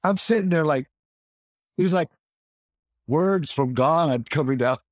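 A man's voice: fairly high pitch, measured pace, no room sound, clean studio sound. A man, an actor and martial artist, telling a long story as an interview guest and acting out other people's lines, with frequent restarts. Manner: lively storyteller who acts out quoted dialogue, many restarts.

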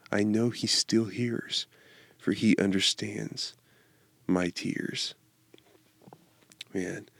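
A man giving an informal devotional talk, reading song lyrics aloud in a slow, earnest way that halts and restarts. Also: fairly low pitch, no room sound, studio quality. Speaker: devotional speaker.

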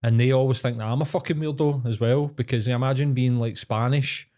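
This Scottish podcast co-host from Glasgow has a mid-range, darkish voice with a steady tone. Chatting casually and swearing freely, he spins stories and slips into quick impressions of what others said.

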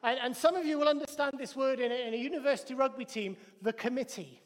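A man's voice: extremely high pitch, quick pace, in a large hall. A Welsh man preaching a sermon in a church, emphatic and repeating his phrases in threes.

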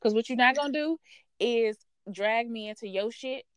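A woman hosting a podcast, telling a workplace story in a blunt, profane, sassy and animated way. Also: a little high, moderate pace, clear, resonant tone, dry recording. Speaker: podcast host. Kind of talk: casual storytelling rant.

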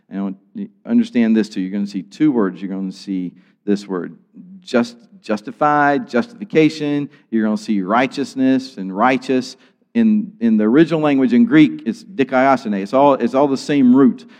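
A pastor giving a teaching sermon, explaining word roots with simple examples. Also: male voice, medium pitch, darkish tone, in a large hall. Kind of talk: expository sermon.

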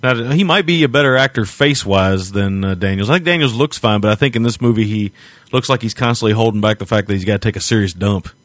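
A man's voice: fairly low pitch, quick pace, no room sound. A man co-hosting a podcast, chatting loosely about a movie with frequent laughs and a joking, rambling manner. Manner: laughs often, jokey and rambling. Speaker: podcast co-host. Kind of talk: casual film review chat.

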